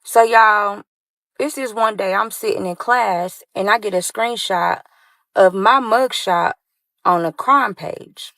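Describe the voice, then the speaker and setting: A woman's voice: mid-range voice, slow pace, creaky, bright, forceful tone, dry recording. A young woman recounting her own story time, talking animatedly and addressing listeners as y'all.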